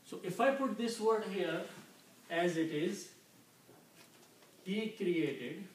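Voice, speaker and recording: Guy teaching arabic word meanings real slow, keeps asking okay?, kinda far off in a roomy space with faint hiss. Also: high-pitched. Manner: patient, often checks "Okay?". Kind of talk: slow explanatory lesson. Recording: echoey room, mic at a distance, faint noise.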